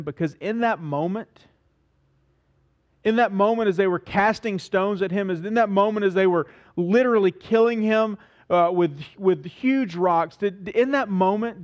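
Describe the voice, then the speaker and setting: A man preaching a sermon with a voice a little higher than most men's. He is earnest, asks questions of his listeners and repeats phrases to drive them home. The recording sounds dull and lo-fi. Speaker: pastor.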